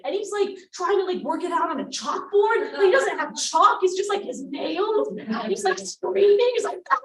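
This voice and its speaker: A woman's voice: very high voice, animated, normal speed, a bit bright, distant mic, a little hiss or hum. Woman, storyteller, self-mocking, casual fillers, roomy venue sound, away from the mic. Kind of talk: live storytelling. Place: event space with audience.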